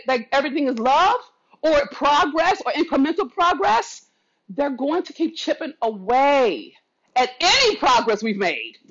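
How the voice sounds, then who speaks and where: A woman vlogger delivers a fiery, impassioned rant straight to camera, preaching and swearing freely while telling her viewers she loves them. Her voice sits high, and the recording has a dull, slightly lo-fi quality. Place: not at home.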